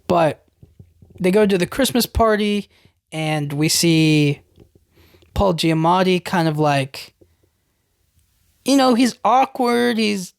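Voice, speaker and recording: A man's voice: high voice, lively intonation, slow pace, creaky, pauses often, smooth, no room sound, clean studio sound. A young man hosting a podcast, recapping a film in a loose, rambling way, full of "like" and "you know what I mean". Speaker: podcast host.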